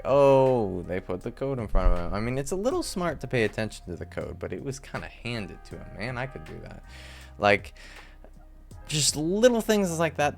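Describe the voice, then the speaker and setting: A man's voice: mid-range voice, gravelly. A young man casually reviewing a TV episode, rambling with lots of fillers and sudden exasperated outbursts. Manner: rambling, frequent "like" and "I guess"; quick jumps to exasperated outbursts. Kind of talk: casual solo commentary.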